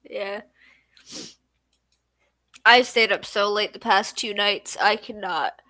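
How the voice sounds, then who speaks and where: Sleepy, slow-talking young woman streamer. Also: medium pitch, dry recording. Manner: sleepy, yawning, chatty. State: tired. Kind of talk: casual livestream chat.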